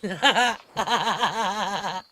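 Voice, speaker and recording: A woman with a hoarse, deep-sounding voice, chatting casually, exasperated and swearing as she streams a game. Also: drawn-out words, pushed and bright, a little hiss or hum. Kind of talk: casual gaming stream commentary.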